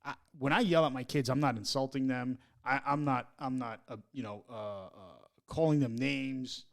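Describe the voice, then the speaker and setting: A man of middle pitch co-hosts a casual podcast, reading bits of text aloud before pushing back on them with real emphasis. He laughs easily and speaks in an ordinary, conversational voice. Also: moderate pace, vocal fry. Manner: reads passages aloud, then argues emphatically with a laugh. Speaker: podcast co-host. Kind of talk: casual chat.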